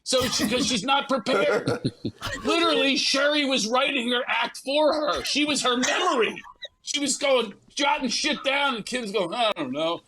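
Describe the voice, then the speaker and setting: A man, a comedian guest, telling a story in an animated way and acting out other people's lines in quick bursts. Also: extremely high pitch, slight background noise, low-quality recording.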